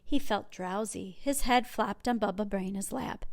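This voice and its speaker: A woman working as a children's librarian, reading a picture book aloud with clear, expressive storytelling. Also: medium pitch, a little slow, no echo, studio quality.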